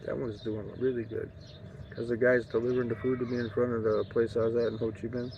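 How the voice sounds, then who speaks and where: Gravelly and fast, a mid-range male voice delivers flatly through a rambling travel vlog. He swears freely, cracks jokes, and wanders off topic, heard in dull lo-fi audio with faint outdoor sounds.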